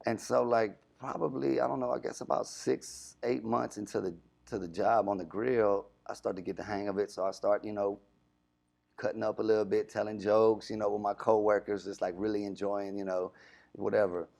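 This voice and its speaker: Deep gravelly man telling a story. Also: normal speed. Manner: animated storyteller, acts out quoted voices. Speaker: radio DJ. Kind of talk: casual storytelling interview.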